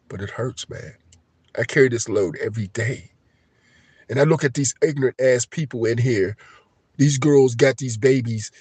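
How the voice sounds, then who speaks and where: A man ranting on a live stream, agitated and profane, swinging between shouting and low, emotional muttering. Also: breathy edge, no room sound. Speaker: livestream host.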